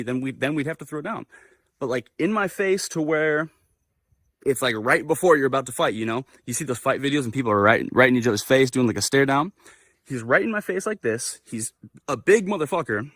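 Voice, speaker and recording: A young man hosting a livestream, telling a personal story in a casual, animated way with lots of swearing and fillers. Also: medium pitch, no echo, studio quality. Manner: animated, profane, filler-heavy. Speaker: livestream host.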